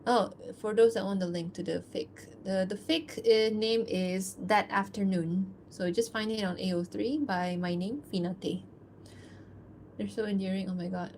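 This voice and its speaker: Give me a casual, mid-pitched woman chatting on an art stream over faint background ambience, loose and rambling. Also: darkish tone, slight background noise. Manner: chatty and loose, full of "like" and small laughs; reads fan-fiction narration aloud. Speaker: artist streaming her work. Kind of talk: casual livestream chat.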